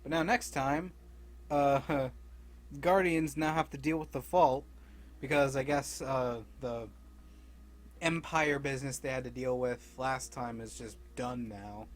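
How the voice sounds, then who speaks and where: A man's voice: medium pitch, fairly even intonation, slow pace. A young man casually recapping a comic series, rambling with frequent laughs and loosely acting out the characters' lines. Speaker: comic book recap creator.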